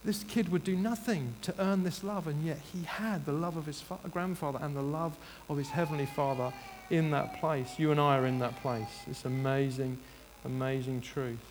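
A man's voice: on the high side, steady tone, moderate pace, hardly any pauses, slight background noise. A man preaching a sermon in earnest, rising to emphatic bursts and restarting his sentences. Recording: reverberant hall, faint ambience.

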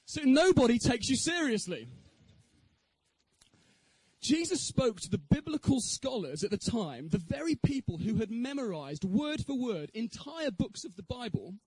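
Earnest high-voiced man giving a talk. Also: big pitch swings, normal speed, hardly any pauses, a little mellow, husky, dry recording, low-quality recording. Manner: earnest, rhetorical questions to the audience. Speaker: speaker giving a Christian talk. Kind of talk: evangelistic talk with personal testimony.

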